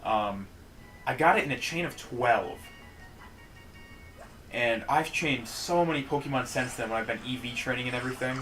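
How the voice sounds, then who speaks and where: A man's voice: medium pitch, moderate pace, pauses often, a bit bright, faint music behind, low-quality recording. Rambling, joking male game streamer. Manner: joking, rambling, self-mocking. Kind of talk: casual gaming stream chat.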